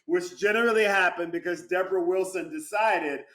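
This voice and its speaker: A man's voice: sits high, a little fast. A man chatting as a guest actor over a video call, telling stories with lots of laughter. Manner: animated storyteller, laughs often. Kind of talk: casual interview chat.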